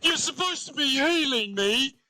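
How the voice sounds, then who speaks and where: A man's voice: extremely high pitch, animated, unhurried, no echo, soft background music, voice pushed up, full character voice, poor audio. A man impersonating an angry male gamer friend who scolds a teammate. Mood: angry yelling. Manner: shouting, exasperated.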